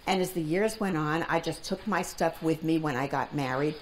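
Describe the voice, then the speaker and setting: A woman in her nineties being interviewed, telling family stories in a calm, deliberate way in a library reading room. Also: low-pitched, a little hiss or hum. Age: 90s. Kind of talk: storytelling in an oral history interview.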